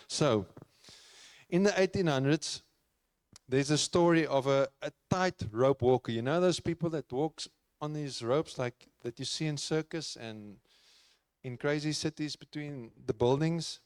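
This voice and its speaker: Earnest male preacher, smooth, dry sound. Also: mid-range voice, normal speed, no echo. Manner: earnest, conversational preaching with repeated phrases. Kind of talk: sermon. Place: church.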